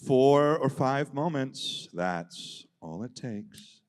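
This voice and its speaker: A man reading a lofty, earnest hero with a deliberately bad Russian accent in a live comedic table read. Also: on the high side, lightly acted. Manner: lofty, speechifying. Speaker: voice actor. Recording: live convention panel, reverberant hall.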